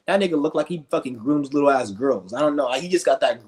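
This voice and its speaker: A man's voice: mid-range voice, animated, fast talker, a little mellow. A male streamer ranting with scorn, rambling and cursing as he goes. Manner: profane, scornful, rambling rants. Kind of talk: ranting commentary.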